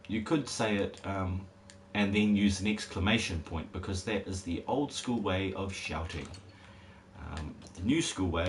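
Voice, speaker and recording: Deep-voiced man rambling while streaming. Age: adult parent. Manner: rambling, jokey asides to chat. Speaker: game streamer. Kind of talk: casual live-stream commentary. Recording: noisy background hiss.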